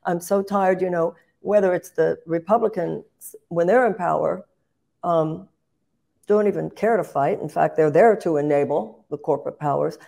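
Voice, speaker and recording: A woman's voice: lowish voice, moderate pace, creaky, warm tone. An older woman speaking as a political guest. She talks with impassioned emphasis, often restarting phrases and rising in bursts.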